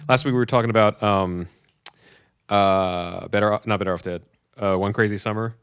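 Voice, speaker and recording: Man, thirties, podcast co-host, rapid talk, dry sound, acts out scenes. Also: clear, resonant tone, dry recording. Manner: animated storyteller, acts out movie scenes in loud high voices. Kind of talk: casual chat.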